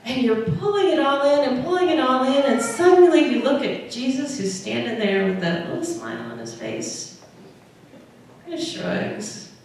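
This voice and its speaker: A woman's voice: high-pitched, big pitch swings, moderate pace. A woman preacher retelling a scripture story, speaking straight to her listeners as a vivid storyteller. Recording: very echoey room, distant mic, faint noise.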